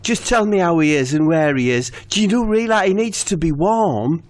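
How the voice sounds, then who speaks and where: A man's voice: fairly high pitch, expressive, brisk, pitched above the performer's own voice, close to an everyday voice. A man voicing a timid, fawning middle-aged football manager in a comedy podcast sketch, anxious and eager to please.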